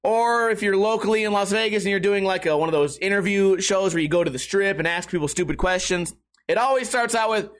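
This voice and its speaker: A man's voice: high-pitched, fairly quick, a bit bright. Profane, sarcastic middle-aged man ranting. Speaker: podcast host. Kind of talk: casual ranting monologue.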